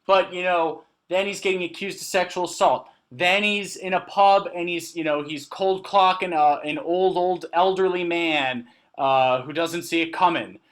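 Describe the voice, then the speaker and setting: A man's voice: sits high, steady tone, moderate pace, hardly any pauses, fairly bright tone. A man co-hosting a casual podcast, trading teasing jokes with his partner. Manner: joking, teasing banter. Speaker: podcast co-host. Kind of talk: casual chat.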